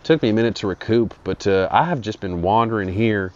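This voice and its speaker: A man's voice: fairly low pitch, lively intonation, fairly quick. A man telling a rambling, profane comic story in an improvised monologue. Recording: dull lo-fi audio.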